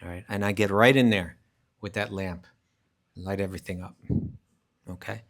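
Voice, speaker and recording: A man's voice: sits low, steady tone, normal speed. A man teaching a live scripture class, explaining emphatically, restarting phrases often and reciting verses in Sanskrit. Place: class at a rural retreat centre.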